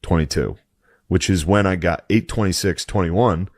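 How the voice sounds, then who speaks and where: A man's voice: sits low, normal speed, no echo, studio quality. A man co-hosting a podcast, telling a rambling, crude story with mock outrage and frequent swearing. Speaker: podcast co-host. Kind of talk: casual profane storytelling.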